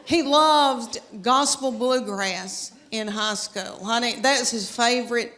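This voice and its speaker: A woman's voice: fairly high pitch, takes it slowly, fairly bright tone, big-room sound. A woman in her fifties with a Southern American accent, performing stand-up comedy and talking straight to the audience in a chatty drawl. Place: theater stage before a live audience.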